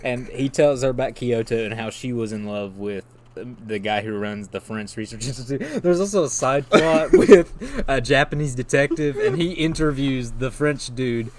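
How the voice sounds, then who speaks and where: A man's voice: mid-range voice, animated, moderate pace, few pauses, a little mellow. A man in casual chat, rambling through an enthusiastic plot recap and laughing along. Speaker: podcast co-host.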